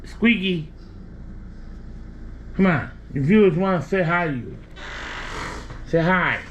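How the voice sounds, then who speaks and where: In a casual home video, a man with a high, animated voice speaks slowly to his pet cat, teasing and affectionate. The lo-fi recording sounds dull, with faint background noise.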